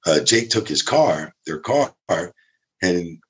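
A man casually telling a backstage story, animated and acting out the people he quotes. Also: takes it slowly. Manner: animated, acts out quotes with big pitch jumps. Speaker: former ring crew member telling stories.

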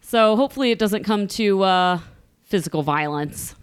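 Woman, Ohio-raised podcast co-host; gossipy, expressive delivery with wide pitch swings. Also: moderate pace, smooth. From Columbus, Ohio, USA. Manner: chatty and gossipy, laughing often. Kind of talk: casual reality-TV recap chat.

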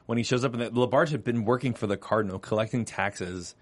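A man at a middling pitch co-hosts a TV recap show in casual conversation. He talks in an animated, joking way, tossing in quick asides. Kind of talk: casual chat.

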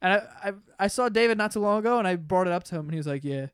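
A young man hosting a casual podcast with his siblings, telling crude, animated stories and laughing as he goes. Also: sits high, very fast, clean tone, dry recording, studio quality. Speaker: podcast host. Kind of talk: casual storytelling among siblings.

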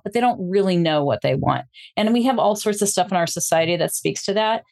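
A woman's voice: on the low side, fast talker, vocal fry, a little mellow. A woman guest, a coach who also hosts podcasts, explaining her ideas in a reflective, flowing way. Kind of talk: casual interview chat.

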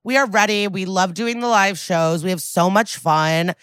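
A woman's voice: mid-range voice, steady tone, moderate pace, a bit bright, clean tone, no room sound. A woman co-hosting a podcast who banters casually and pokes fun at herself. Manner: self-deprecating, laughing banter. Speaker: podcast co-host. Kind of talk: casual chat.

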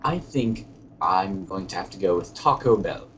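Brief: man playing a low-voiced, hiccup-plagued posh British lord, put-on accent, rambling, slight background hiss. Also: animated, moderate pace, fairly bright tone, poor audio. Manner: rambling, hesitant, genteel phrasing. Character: pompous British lord, middle-aged man, fussy. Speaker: podcast co-host. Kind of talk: comedic podcast character chat.

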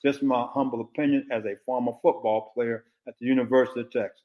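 An older man, a former football coach, giving blunt, animated opinions in casual sports talk. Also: medium pitch, fast, phone-quality sound.

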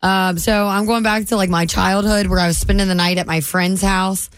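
A woman's voice: mid-range voice, steady tone, moderate pace, smooth, no room sound. A woman co-hosting a morning radio show, telling a story chattily and building suspense in casual banter. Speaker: radio co-host. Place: radio studio. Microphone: studio microphone.

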